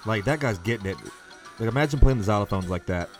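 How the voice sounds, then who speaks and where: A man hosting a casual comedy chat show, loud, rambling and mock-grumpy. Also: lowish voice, expressive, fast talker, over music. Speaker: podcast host.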